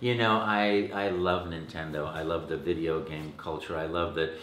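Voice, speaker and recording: A man's voice: very deep voice, fairly even intonation, moderate pace, fairly bright tone, echoey room, slight background noise. A middle-aged male voice actor telling stories in a playful, theatrical way during an interview. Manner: playful, theatrical, acts out quotes. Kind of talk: animated storytelling in interview.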